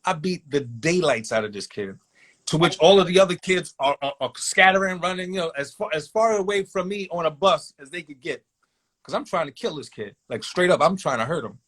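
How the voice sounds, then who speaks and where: A man telling a long personal story in a casual, animated way, acting out voices in quotes. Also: a little high, a little fast.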